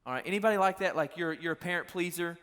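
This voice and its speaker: A young man preaching to a youth group in a relaxed, storytelling way. His voice sits a little high and has a bright, forceful edge. He turns to the crowd again and again with questions. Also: fast talker, smooth. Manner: animated storytelling, talks straight to the crowd. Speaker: youth pastor. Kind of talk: casual youth sermon.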